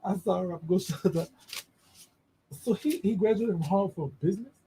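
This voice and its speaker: A man hosting a casual livestream gossip show, animated and camp, chatting directly to his viewers. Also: high voice, fairly quick, a little hiss or hum. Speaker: show host.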